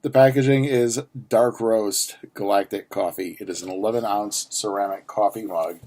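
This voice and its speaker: A man's voice: lowish voice, steady tone, normal speed, a little mellow. A man in his forties unboxing a geek subscription box, ranting and swearing freely with many restarts and stammers. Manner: ranty, profane, sarcastic, frequent restarts. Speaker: unboxing vlogger. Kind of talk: casual unboxing chat.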